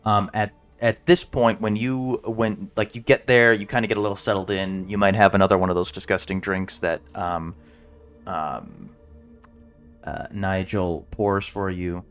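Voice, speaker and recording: Slow, halting male game master. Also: deep voice, clear, resonant tone, faint music behind. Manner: halting, searching for words. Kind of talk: narrating a tabletop game.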